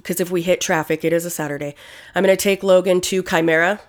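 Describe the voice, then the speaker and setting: A woman co-hosting a casual podcast chat, animated and quick to swear. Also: lowish voice. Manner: swears freely, animated storytelling.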